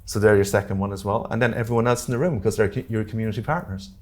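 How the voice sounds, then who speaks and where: A man with an Irish accent presenting a live workshop to a room, talking quickly and jokily and often checking in with "okay?" and "all right?". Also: lowish voice, fairly even intonation. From Ireland. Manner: fast-talking, jokey, keeps checking in with the audience. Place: community centre meeting room.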